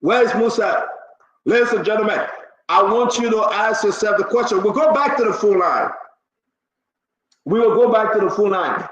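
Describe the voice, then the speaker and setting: A man hosting a live talk show, reading out viewer names and growing loud and animated. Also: sits high, normal speed, echoey room, dull audio. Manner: animated, rising to loud exclamations. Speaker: livestream talk show host.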